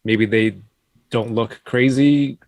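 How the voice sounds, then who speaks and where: A man's voice: medium pitch, fairly even intonation, slow pace, no echo. A man in a casual chat, rambling and restarting his thoughts as he talks.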